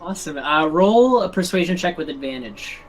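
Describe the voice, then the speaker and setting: A woman's voice: low voice, lively intonation, moderate pace, slight background noise, rough recording. A woman narrating as game master in a tabletop game over online voice chat, with loose, filler-heavy narration.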